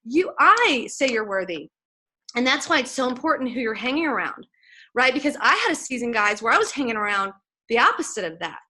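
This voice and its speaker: A woman's voice: on the high side, very animated, fast talker, pushed and bright. A woman in her forties giving an emotional, faith-filled motivational testimony to a sales team, chatty and earnest, building into fired-up preaching. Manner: chatty, many "like"s and "you guys". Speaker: speaker at a sales team event.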